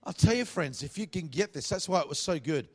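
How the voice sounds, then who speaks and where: A man's voice: fairly high pitch, lively intonation, brisk, a little mellow, husky. A middle-aged man with an Australian accent, preaching a sermon in a casual, conversational way with asides.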